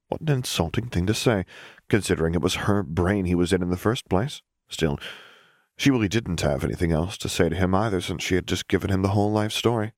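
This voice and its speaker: A man reads a serialized story aloud in a steady, even manner. His voice sits very low, with a gravelly fry. The recording is dry and close to the mic. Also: a little fast, dry recording. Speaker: audiobook reader. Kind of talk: audiobook narration.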